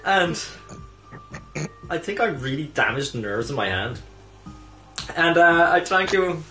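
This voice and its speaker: A man's voice: a little high, big pitch swings, unhurried, sharp tone, roomy sound, faint music behind, poor audio. A man casually commenting on his own gameplay, exasperated and swearing often, with sudden squeals and laughs of frustration. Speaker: let's play gamer.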